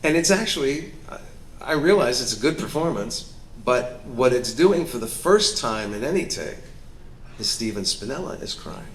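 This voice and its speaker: A man speaking as a panel guest, spinning a candid, self-mocking anecdote in an animated way. His pitch sits in a middle range, with a faint hum behind him. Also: moderate pace. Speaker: guest actor and director. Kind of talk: storytelling interview on stage. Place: festival panel stage before an audience.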